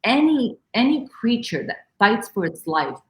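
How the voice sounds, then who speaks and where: A woman speaking as an interview guest, telling a personal story in an animated, emotional way and acting out exclamations. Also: a little high, a little slow. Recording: roomy echo.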